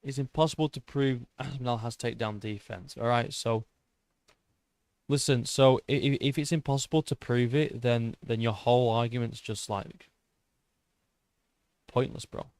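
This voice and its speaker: A man in his twenties with a British accent, hosting an MMA channel and reading viewer comments in a casual livestream chat. He swears often, restarts his sentences and argues with a rough edge. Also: mid-range voice, fairly even intonation, moderate pace, a little mellow, no room sound. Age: 20s. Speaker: YouTube MMA channel host.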